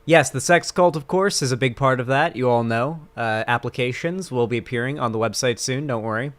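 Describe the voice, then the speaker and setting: Male streamer, mid-pitched, casual crude sarcastic banter to chat. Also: fairly quick.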